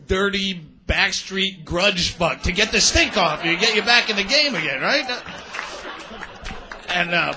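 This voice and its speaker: A male stand-up comedian with a crude, rambling manner, bantering with the crowd from a comedy club stage. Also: high-pitched. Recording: live club recording with loud crowd. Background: audience laughter.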